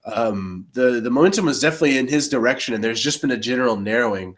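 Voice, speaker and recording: A man's voice: medium pitch, fast talker. Rambling man co-hosting election talk. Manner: rambling, restarts often, enthusiastic about voting systems. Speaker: co-host of election coverage. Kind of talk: casual panel discussion.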